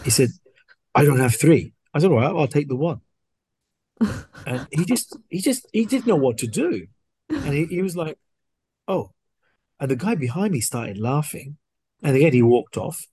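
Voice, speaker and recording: A man, a podcast guest, casually telling a story and acting out the dialogue in an animated way. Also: fairly high pitch, moderate pace, pauses often, slightly rough, dry recording. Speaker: guest watch collector.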